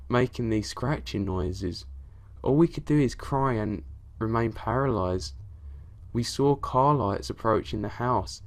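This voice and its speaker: Low-voiced man narrating horror stories. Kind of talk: scary story narration.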